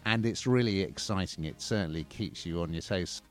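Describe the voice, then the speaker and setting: A man's voice: deep voice, normal speed, faint music behind. A man casually reviewing films and TV series on a radio show, chatty and opinionated.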